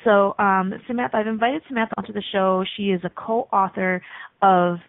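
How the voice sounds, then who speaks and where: Gravelly-voiced woman hosting talk radio. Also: medium pitch, steady tone, no room sound, narrow, tinny audio. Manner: talks fast with many ums. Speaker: radio show host. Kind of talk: casual talk radio monologue.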